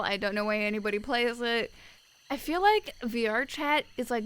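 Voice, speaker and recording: A young woman chats casually on a live stream, blunt and wry as she reads out viewers' comments. Her voice sits a little high and sounds smooth and clear. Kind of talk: casual chat, reading out live chat.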